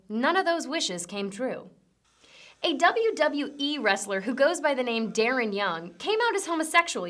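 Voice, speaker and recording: A woman's voice: high voice, a bit bright. A young woman hosting a comedic news rundown, delivering sarcastic punchy jokes. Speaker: host.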